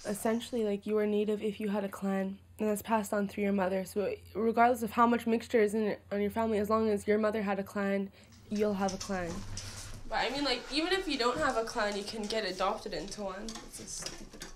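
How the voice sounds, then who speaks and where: A woman's voice: mid-range voice, fairly even intonation, brisk, slight background noise. A woman in a documentary interview, explaining a point casually with fillers.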